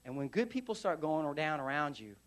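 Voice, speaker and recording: A veteran man giving a live storytelling speech at a conference, animated and acting out scenes with sound effects. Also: fairly high pitch, fairly quick. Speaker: veteran speaker. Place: conference stage.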